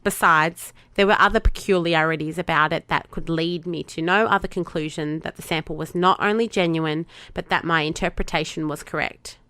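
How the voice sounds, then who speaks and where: A woman voicing a brisk, determined female Starfleet doctor who talks firmly and insistently in a fan audio drama. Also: low-pitched, fairly even intonation, fairly bright tone, clear, resonant tone, no room sound. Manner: firm, insistent.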